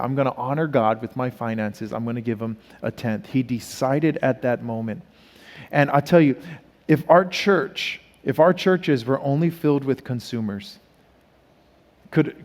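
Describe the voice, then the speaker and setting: A middle-aged man, a guest pastor, preaching a sermon and telling a family story that builds into animated exasperation. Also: medium pitch. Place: church auditorium. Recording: church hall reverb.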